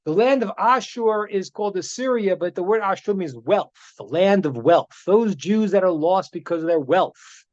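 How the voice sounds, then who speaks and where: Rabbi talking animatedly over video call. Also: male voice, high-pitched, moderate pace, hardly any pauses. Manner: animated, repetitive, stammering restarts. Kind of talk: live online talk, storytelling. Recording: dull video-call audio.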